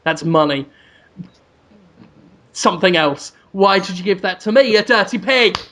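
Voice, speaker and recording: A man doing a comic impression of a furious, foul-mouthed celebrity TV chef, ranting and yelling insults. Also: sits high, expressive, a little slow, a little hiss or hum, exaggerated voice.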